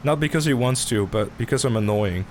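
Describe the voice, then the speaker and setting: A man's voice: medium pitch, a little fast, darkish tone. A man hosting a live stream, chatting casually with viewers in a teasing way, swearing freely and laughing often. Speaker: streamer host. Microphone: streaming mic through a mixer.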